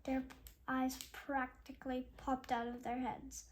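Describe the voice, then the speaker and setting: High-voiced woman reading slowly aloud. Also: flat delivery, a little hiss or hum. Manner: slow careful reading with small slips and chatty asides. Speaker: read-aloud host. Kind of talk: reading a chapter book aloud.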